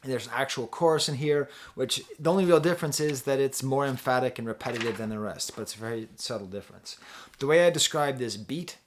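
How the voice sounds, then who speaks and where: A man's voice: mid-range voice, a little fast, a little hiss or hum. A man talking casually as a music reviewer, rambling and chatty, with frequent restarts and easy laughter. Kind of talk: casual album review talk.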